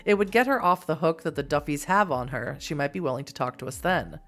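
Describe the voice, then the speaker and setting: A woman's voice: low-pitched, expressive, a little fast, a bit bright, soft background music. A woman voicing an eager, questioning young woman investigator.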